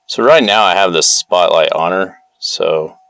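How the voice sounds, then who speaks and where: Man, drone pilot on a phone call; deep, creaky voice, calm and steady. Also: measured pace. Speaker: drone pilot guiding a search.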